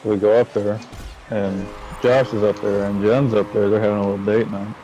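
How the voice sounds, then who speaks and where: A man's voice: on the low side, fairly quick, highs cut off, faint music behind. A man casually telling a profane story about an argument at a bar, acting out what others said in raised voices. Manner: animated, profane, acts out quotes in raised voices.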